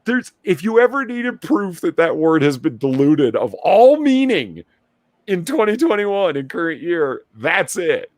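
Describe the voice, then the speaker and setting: A man's voice: high-pitched, very animated, a little slow, no room sound. A man co-hosting a casual talk show, telling a story with heavy sarcasm. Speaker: podcast co-host. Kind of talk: casual political chat.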